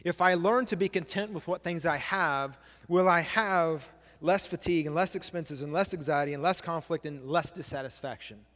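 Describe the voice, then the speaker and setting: A man's voice: on the high side, moderate pace, few pauses, fairly bright tone, long reverb tail. A male pastor giving a sermon, repeating key phrases and asking the congregation questions. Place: church sanctuary.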